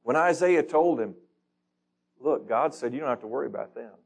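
A man's voice: mid-range voice, animated, normal speed, vocal fry, breathy edge. Man, Bible study teacher, conversational, reads scripture, asks the group questions.

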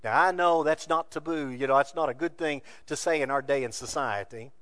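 A man preaching a sermon from scripture, building to loud emphatic peaks and dropping to quiet asides. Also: medium pitch, fairly quick, dry recording. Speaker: pastor.

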